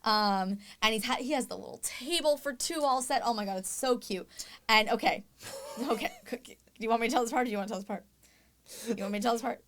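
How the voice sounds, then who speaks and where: Woman, podcast co-host, chatty storytelling, gushing, slightly high voice. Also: fast, fairly bright tone. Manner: gushing, chatty, quotes herself in dialogue. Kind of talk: casual storytelling chat.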